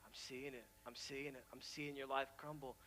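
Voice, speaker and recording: A man putting on the voice of a gruff, tough-talking man who scolds fools. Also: medium pitch, flat delivery, normal speed, bright, forceful tone, soft background music, lightly acted. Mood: mock-scolding.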